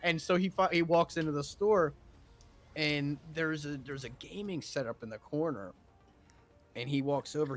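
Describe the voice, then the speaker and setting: A man's voice: fairly high pitch, moderate pace, faint music behind. A man telling a story in casual chat with friends, swearing freely and acting out what others said. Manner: animated, swears a lot, acts out quotes. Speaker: streamer.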